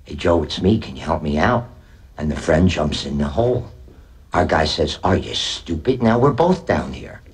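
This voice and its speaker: An actor in a TV drama playing a calm older man who tells a parable to a friend and acts out its quoted lines. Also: a bass voice, moderate pace. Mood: storytelling. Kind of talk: TV drama acting.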